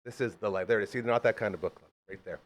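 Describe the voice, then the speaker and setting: A man hosting a local live talk podcast in a studio, upbeat and hyping up his guests. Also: on the low side. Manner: upbeat, fast, hypes up guests. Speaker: podcast host. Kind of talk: casual chat. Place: radio studio.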